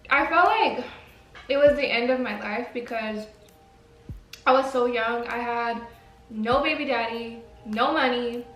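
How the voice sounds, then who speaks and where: A woman's voice: fairly high pitch, unhurried, pauses often, fairly bright tone, far from the mic. A woman vlogger telling a personal story in a casual, chatty way, full of fillers and mild swearing. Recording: echoey room, away from the mic, faint music.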